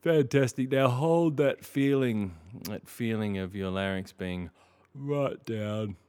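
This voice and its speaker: A man leading a vocal warm-up lesson, calmly instructing and demonstrating sung scales. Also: medium pitch, takes it slowly, smooth. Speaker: singing teacher.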